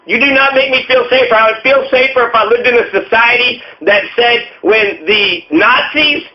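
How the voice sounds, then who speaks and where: A man's voice: extremely high pitch, lively intonation, normal speed. A man ranting angrily, swearing and repeating himself as a show host. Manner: furious, swearing, repetitive. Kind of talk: angry profane rant. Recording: muffled lo-fi audio.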